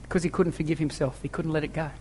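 Delivering a sermon in a church hall, this man talks in rapid bursts with a somewhat high, darkish voice that barely moves in pitch. He hammers home key phrases and throws rhetorical questions at the congregation. There's slight background noise and a long, echoing reverb.

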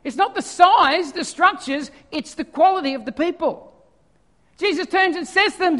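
A male pastor preaching a sermon, swinging from quiet scripture reading to loud animated asides. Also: very high voice, brisk, long reverb tail.

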